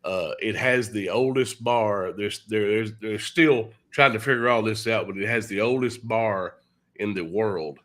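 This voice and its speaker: A man's voice: on the low side, a little slow, fairly bright tone. A man on a video call telling a rambling story, with many fillers and restarts. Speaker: guest musician and new co-host. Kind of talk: casual storytelling on a live stream.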